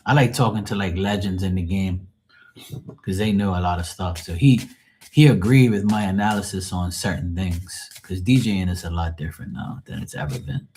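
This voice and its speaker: Blunt Bermudian man, low voice. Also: moderate pace, a little mellow, a little hiss or hum. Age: 40s. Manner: blunt, profane, storytelling. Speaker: live-stream host. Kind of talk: casual live-stream chat.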